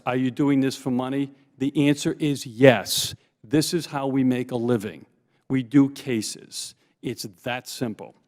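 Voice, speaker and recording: A man giving formal testimony as a forensic investigator, emphatic and deliberate, repeating key points slowly for stress. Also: medium pitch, darkish tone. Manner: emphatic, slow repetitions for stress. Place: congressional hearing room. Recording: long reverb in a hearing room.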